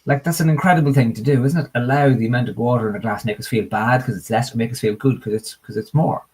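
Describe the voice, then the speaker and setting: A man speaking as a coach in a conversational interview, an animated storyteller. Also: mid-range voice, fast talker, breathy edge. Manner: animated storyteller, tells parables with acted villager voices. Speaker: guest coach.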